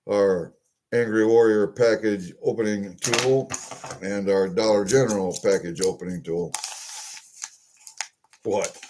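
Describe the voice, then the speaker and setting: An older man livestreams from his desk, casually rambling and greeting viewers while he opens packages. His voice sits in the mid range, and background noise comes through the desk webcam mic.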